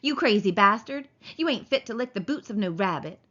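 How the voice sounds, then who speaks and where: A woman's voice: medium pitch, animated, a little fast, fairly bright tone. A woman reading aloud, voicing a giant imaginary rabbit that is scornful and taunting, with a sneering manner. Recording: dull lo-fi recording.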